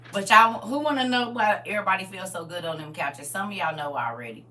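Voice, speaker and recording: Chatty middle-aged woman preaching, bright and distant. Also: medium pitch, brisk. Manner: lively and chatty, teasing the crowd directly, sudden loud outbursts. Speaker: speaker at a live church gathering. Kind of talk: preaching by storytelling to a crowd. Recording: far-off mic with faint hum.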